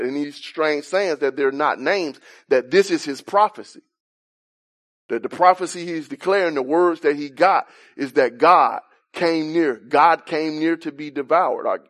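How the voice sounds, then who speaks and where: A man preaching a Bible-teaching sermon, explaining a passage and asking questions as he rises in intensity on key points. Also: on the high side.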